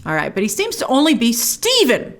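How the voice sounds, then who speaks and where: A woman's voice: a little high, wildly swooping pitch, fairly quick, fairly bright tone. A woman hosting a trailer breakdown, chatting enthusiastically with lots of restarts. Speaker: host.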